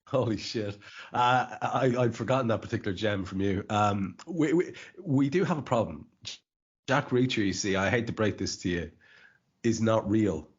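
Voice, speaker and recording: Male podcast host, low and husky, dry teasing delivery, muffled recording. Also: moderate pace. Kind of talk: casual chat.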